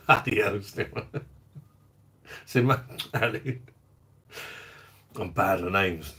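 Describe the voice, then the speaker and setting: Slow, low-voiced man chatting on a livestream. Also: bright, forceful tone. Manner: jokey and chatty, laughs often, greets viewers. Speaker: livestream host of a beer review channel. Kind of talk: casual livestream chat, reading viewer comments.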